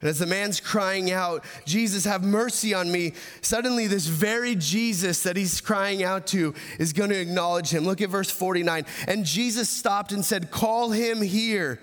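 In a church hall with long, ringing reverb, a high-voiced male pastor delivers a sermon at normal speed with hardly any pauses. He stumbles, repeats words and restarts, building louder and more urgent before dropping to a soft, quiet close.

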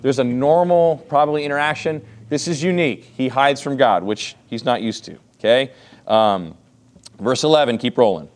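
A man's voice: mid-range voice, normal speed. A man in his thirties teaching a Bible class in a casual, conversational way, with many rhetorical questions.

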